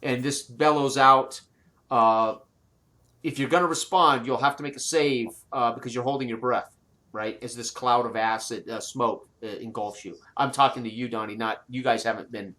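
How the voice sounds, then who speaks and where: Male game master, mid-range voice, halting narration full of fillers, tabletop session. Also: mid-range voice, fairly even intonation, bright, forceful tone. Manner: halting, many fillers and restarts while narrating.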